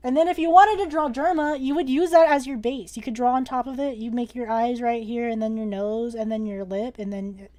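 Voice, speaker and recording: A young woman leads a relaxed drawing lesson on a live stream, talking fairly quickly with hardly any pauses. Her slightly high voice carries a playful, excitable energy as she jokes with viewers and drops the odd swear.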